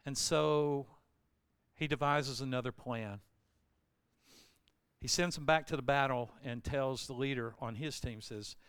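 Preaching a sermon, a male pastor retells a scripture story in plain everyday language, building up to loud, emphatic bursts. His mid-range voice is animated and resonant, moving at a moderate pace, and the sound is clear with no echo.

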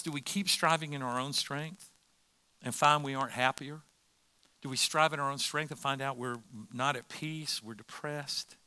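A man's voice: mid-range voice, pushed and bright, no echo. A man preaching a sermon as pastor, conversational, with rhetorical questions.

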